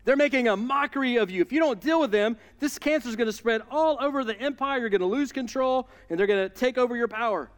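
A man's voice: very high voice, quick pace, few pauses, voice pushed up. A man doing a tattling, alarmist court spy. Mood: urgent. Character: jealous tattletale court spies, men. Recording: long reverb in a large hall.

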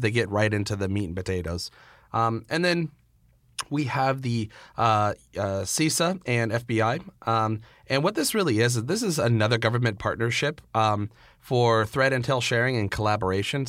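Low-voiced man explaining with many ums. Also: dry recording, clean studio sound. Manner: relaxed, explaining with many fillers. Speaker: podcast co-host, malware analyst. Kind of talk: casual podcast chat.

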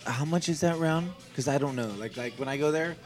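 Excitable man in casual chat. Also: fairly high pitch, a little fast, over music. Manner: excitable, stumbling repeats. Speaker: golfer and guest.

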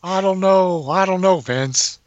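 A man's voice: high voice, a little slow, dry recording, highs cut off. A man impersonating a stubborn old male wrestling legend who refuses a script. He sounds hesitant at first, then defiant. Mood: reluctant.

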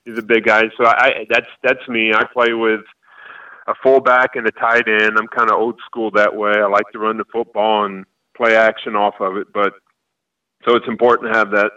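A man in his forties, a high school football coach from Florida, answering interview questions in a rambling way with halting restarts. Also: little pitch movement, pushed and bright, far from the mic, lo-fi sound.

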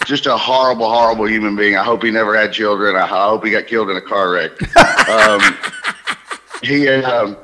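A man from Alabama with a Southern accent softened by years in New York, a stand-up comedian telling a story on a radio phone-in, animated and full of quick restarts. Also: fairly low pitch, heavy background noise. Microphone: phone line.

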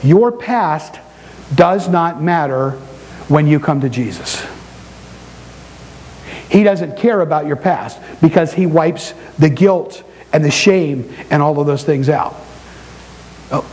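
Male pastor, high-pitched, animated preaching with storytelling asides. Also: slow, rough recording. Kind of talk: sermon. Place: church sanctuary before a congregation.

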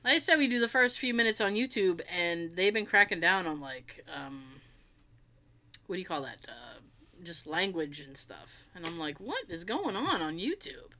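Bright-voiced animated woman storyteller. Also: lowish voice, moderate pace. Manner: animated storyteller, laughs often, mimics others in quotes. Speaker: podcast co-host. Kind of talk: casual chat.

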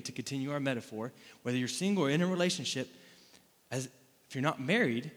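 This pastor from Florida has a fairly high, slightly bright voice. He delivers his sermon loosely and conversationally, with side remarks and rhetorical questions aimed at the congregation, and the church hall's long reverb trails each phrase.

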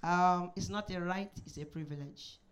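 A woman pastor opening her sermon in a church service. She speaks softly and in a measured way, with frequent amens and hallelujahs. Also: fairly low pitch. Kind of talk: sermon introduction.

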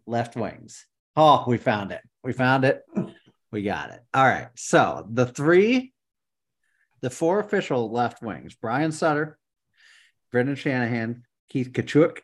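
Animated, swearing male podcast host. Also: mid-range voice, takes it slowly, long pauses. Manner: excitable, swearing, muttering while searching. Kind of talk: casual chat.

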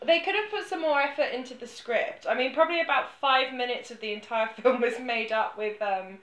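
A woman chatting casually on a film podcast, measured and lightly amused. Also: fairly high pitch, fairly bright tone. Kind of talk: casual chat. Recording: roomy echoey room.

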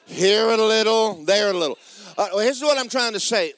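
A preacher, a man with a high voice that swings wildly up and down. He jokes with the room and then breaks into hollered praise. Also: expressive, moderate pace, no echo. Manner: hollering, joking preacher with sudden shouts. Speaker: pastor. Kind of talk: sermon.

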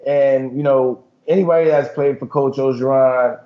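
Relaxed ex-player co-host, casual sports talk, mid pitch, slightly muffled sound. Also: male voice, normal speed. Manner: relaxed, lots of "you know" and "man". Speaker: podcast co-host, former football player.

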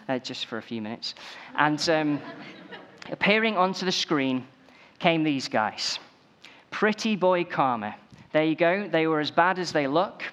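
Animated preacher, fairly high voice. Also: male voice. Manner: animated, rising emphasis on repeated phrases. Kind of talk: sermon.

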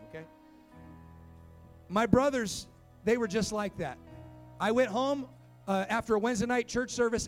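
A young man, a pastor, preaching to kids and adults in a church, telling his story with rising emphatic calls. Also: sits high. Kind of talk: sermon to youth and church. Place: church sanctuary.

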